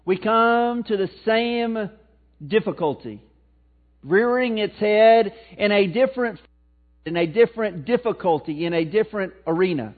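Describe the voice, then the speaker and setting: Folksy Missouri preacher on a tinny line. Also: male voice, lively intonation, a little slow. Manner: folksy, swings from loud emphatic to low and quiet. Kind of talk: sermon. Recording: tinny phone-like sound, mic cutting out.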